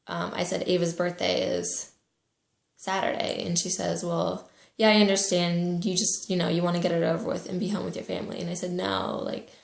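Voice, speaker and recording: A young woman recounts a painful memory, speaking softly and haltingly, pausing often. Her voice sits a little low and has a gravelly fry. The room around her sounds echoey. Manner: emotional, halting, soft-spoken. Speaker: vlogger. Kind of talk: personal storytelling.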